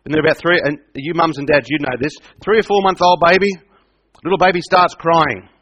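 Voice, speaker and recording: A man's voice: on the high side, fairly even intonation, brisk, fairly bright tone. A middle-aged man preaching a sermon. He hammers his points home by repeating them and keeps asking his listeners questions. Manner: emphatic, repeats points, asks the audience questions.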